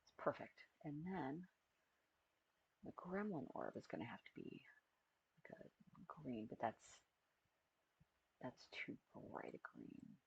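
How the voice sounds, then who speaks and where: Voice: mid-range voice, sing-song, slow, gravelly, long pauses, slightly rough, muffled recording. A streamer chatting casually on a live stream while building an avatar, often muttering to themselves and trailing off mid-thought.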